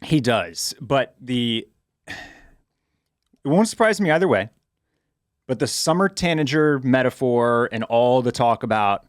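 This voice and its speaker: A man's voice: mid-range voice, expressive, slow, pauses often, dry recording, studio quality. A man co-hosting a podcast in casual chat, thinking aloud with stammered restarts. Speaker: podcast co-host.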